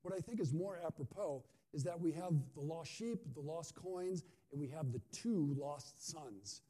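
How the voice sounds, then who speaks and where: Guy preaching a sermon, kinda higher voice but dark and mellow, chatty, keeps asking right?. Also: lively intonation, moderate pace. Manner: conversational, asks the audience questions. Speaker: pastor.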